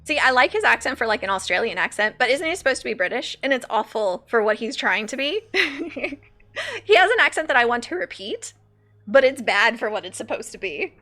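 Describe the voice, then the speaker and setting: Giggly, high-voiced woman streamer. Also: brisk. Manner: giggly, chatty, animated. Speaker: streamer playing a game. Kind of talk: casual gameplay commentary.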